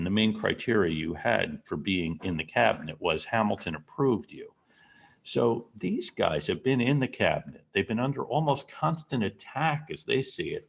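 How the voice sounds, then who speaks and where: A man's voice: low-pitched, vocal fry. A man giving a classroom history lecture, telling the story and asking the class questions.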